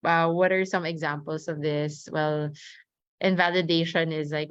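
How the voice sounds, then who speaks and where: A woman's voice: low-pitched, steady tone, measured pace, smooth, dry recording. A young woman speaking earnestly at a webinar about caring for her mother, with many fillers and restarts. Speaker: family caregiver sharing experience. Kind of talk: webinar talk. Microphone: video call. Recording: dull lo-fi video call audio.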